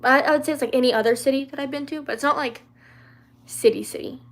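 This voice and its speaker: A woman's voice: high voice, quick pace. A young woman from the American South chatting casually on a livestream, answering viewer questions with lots of fillers, restarts and giggles. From Louisiana, raised in the American South.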